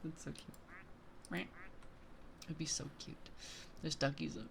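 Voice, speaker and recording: Young adult female streamer, low-ish gravelly voice, excitable rambling chat. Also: takes it slowly, background noise. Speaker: VTuber streamer.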